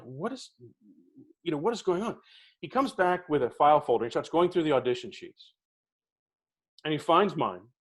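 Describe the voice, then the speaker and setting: Middle-aged man telling animated stories. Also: fairly high pitch, breathy edge. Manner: animated anecdotes, acting out quoted voices. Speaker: podcast co-host being interviewed. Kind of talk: casual storytelling.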